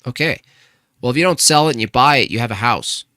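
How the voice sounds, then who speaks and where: A man's voice: mid-range voice, expressive, fast talker, sharp tone, no room sound, clean studio sound. A man hosting a casual live stream, arguing with chat and asking pointed rhetorical questions. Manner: argumentative, rhetorical questions, restarts.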